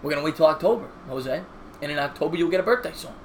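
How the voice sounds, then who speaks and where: A man in his 30s calls baseball play-by-play on a live stream, chatting and joking with viewers and reading their comments aloud with shoutouts. His voice sits on the high side, animated and very fast, with slight background noise.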